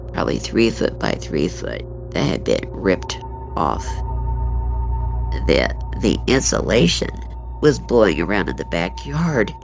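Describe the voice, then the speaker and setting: A woman in her sixties, a guest on an interview show, retelling a frightening personal experience in an emotional, halting way. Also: very deep voice, gravelly. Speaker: guest recounting an encounter.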